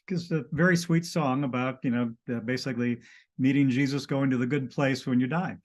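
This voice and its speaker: Halting man telling a story. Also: medium pitch, fairly even intonation, highs cut off. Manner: halting, with many restarts and "uh"s. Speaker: guest telling a personal story. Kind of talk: casual conversation.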